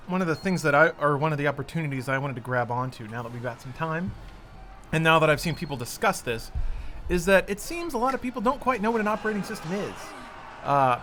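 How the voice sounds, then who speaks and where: Podcast host, male, somewhat high voice, rambling and restarting, faint hiss. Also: fairly bright tone. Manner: rambling, restarting sentences mid-thought. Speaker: podcast host reading a sponsor ad. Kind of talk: casual chat.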